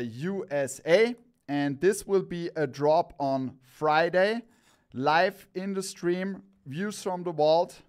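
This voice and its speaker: On a live stream, an excitable man hosting for a cap store shows off products in a clear, resonant voice pitched slightly above the typical male range. Moving from item to item, he gushes with praise, rambles and repeats himself.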